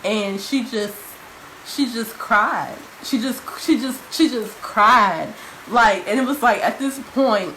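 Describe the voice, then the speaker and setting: A young woman talks to the camera in a casual vlog, speaking directly to her viewers. She is emphatic and repeats key phrases for weight. Her voice sits in a middle pitch, with faint noise behind her. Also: unhurried, a bit bright, rough recording. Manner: addresses viewers informally. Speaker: vlogger.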